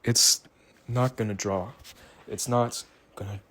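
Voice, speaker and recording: Man, low-ish voice, tired, slow, rambling, reflective monologue. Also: fairly even intonation, a bit bright. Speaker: vlogger.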